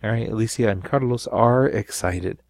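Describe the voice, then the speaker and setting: A man's voice: fairly low pitch, normal speed, gravelly, a little mellow. A man teaching a recorded Spanish grammar lesson, explaining step by step and checking in with frequent "right?".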